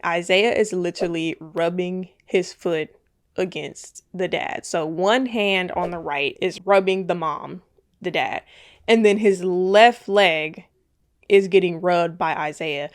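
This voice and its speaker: A woman in her twenties casually recapping a film, chatty and indignant, leaning on "like" and laughing often. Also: fairly low pitch. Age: 20s. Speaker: movie recap vlogger.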